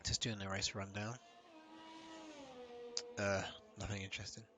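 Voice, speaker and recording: A man's voice: on the low side, unhurried, over music. Laid-back man commentating a sim race. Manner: relaxed, chatty, laughs often. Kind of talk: casual live race commentary.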